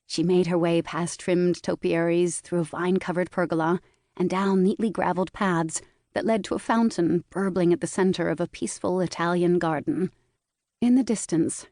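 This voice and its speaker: A woman narrating a historical mystery audiobook in a measured storytelling manner, recorded in a booth. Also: fairly low pitch, fairly even intonation, a little mellow, dry recording, clean studio sound. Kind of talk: scripted narration.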